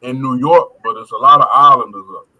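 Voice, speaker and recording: A man's voice: mid-range voice, fairly even intonation, fast, phone-quality sound. A man co-hosting a movie review chat, musing aloud in a conversational way. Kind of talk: casual chat.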